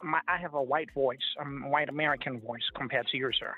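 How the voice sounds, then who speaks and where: A man's voice: mid-range voice, fairly quick, breathy edge, natural voice. A South African man putting on a prim white American guy. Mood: mock-earnest. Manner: mock-polite, keeps saying sir. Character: self-declared white American man, mock-earnest. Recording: tinny phone line.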